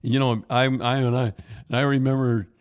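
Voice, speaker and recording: An older Canadian man hosts a podcast, telling hockey stories casually and rambling, repeating himself, restarting often, and tacking "eh" onto lines. His mid-range voice is clear and resonant, with little pitch movement and a normal speed.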